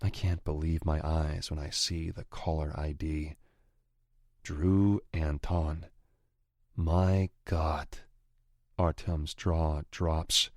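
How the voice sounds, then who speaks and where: A man's voice: extremely low pitch, level tone, slow pace, darkish tone, no echo, studio quality. A man narrating a first-person romance audiobook with a growling, menacing manner.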